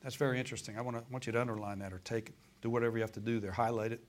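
A male pastor preaching a sermon in a church, folksy, asking the congregation for replies and slowing down to read scripture aloud. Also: mid-range voice, fairly even intonation.

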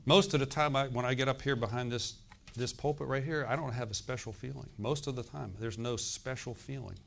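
An older male pastor preaching from the pulpit, swinging between loud, acted-out story dialogue and hushed, personal asides. His voice sits at an ordinary middle pitch for a man. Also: fairly quick, creaky. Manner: animated storytelling, acting out quoted dialogue with rising pitch and volume; drops into quiet, confiding asides. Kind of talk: sermon. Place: church.

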